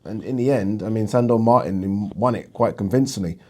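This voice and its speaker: A man hosting a boxing vlog, talking in a chatty, animated way and repeating himself for emphasis. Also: lowish voice, normal speed. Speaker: boxing channel host. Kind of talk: casual vlog talk.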